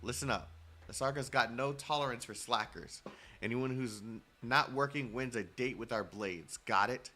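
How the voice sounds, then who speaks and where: A man's voice: mid-range voice, moderate pace, bright, forceful tone. A man voicing a brash, taunting male mercenary guard from a video game story, bossing prisoners around. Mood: threatening. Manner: taunting, bossy.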